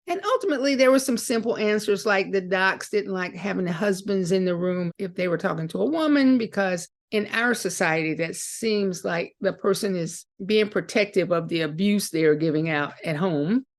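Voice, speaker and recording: A woman's voice: medium pitch, normal speed. A middle-aged woman, a guest on an interview show, telling stories animatedly and acting out the voices of the people in them. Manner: animated storyteller acting out quoted dialogue. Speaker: guest, author. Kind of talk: storytelling interview.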